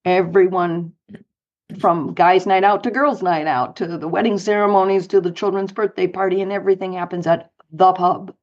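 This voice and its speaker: A middle-aged woman from Colorado, a guest telling animated anecdotes in an interview with light laughs. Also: fairly low pitch, highs cut off. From United States, Colorado. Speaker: guest, author and speaker. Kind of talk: storytelling interview.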